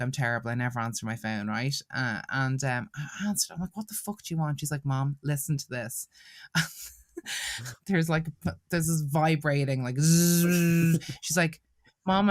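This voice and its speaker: A woman's voice: very deep voice, normal speed, no room sound, clean studio sound. A woman, a podcast guest chatting casually, telling frank, profane stories and laughing often.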